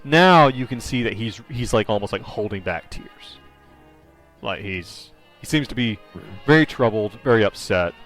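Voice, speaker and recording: A man running a tabletop horror game as game master, chatting casually with quick asides. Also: on the low side, animated, a bit bright, soft background music.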